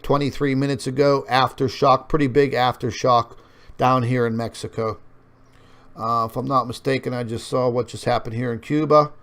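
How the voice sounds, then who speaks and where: A man's voice: medium pitch, fairly bright tone, clear, resonant tone. A man hosting an online show, talking viewers through on-screen maps in a rambling way with many fillers, and addressing them as folks. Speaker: online news show host. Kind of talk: casual commentary over on-screen maps.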